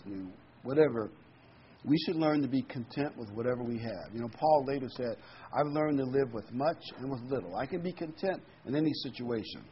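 A man preaching a sermon, talking conversationally and slowing down to read scripture with emphasis. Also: mid-range voice. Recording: dull lo-fi recording with faint noise.

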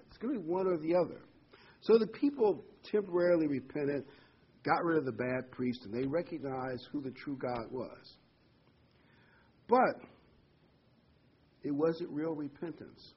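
A man leads a casual Bible study, reading verses aloud and explaining them with lively swings in pitch. His voice is slightly husky, and the recording sounds dull and lo-fi. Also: moderate pace. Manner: animated retelling, voice jumping up when mocking. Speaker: Bible teacher.

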